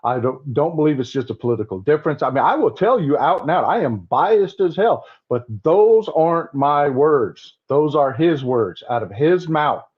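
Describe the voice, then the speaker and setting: A man's voice: a little high, lively intonation, normal speed, hardly any pauses, breathy edge, phone-quality sound. A man with a Southern accent hosting a political commentary livestream, talking bluntly and restarting his sentences often. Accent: Southern American. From Southern United States. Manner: blunt, repeats himself with many restarts.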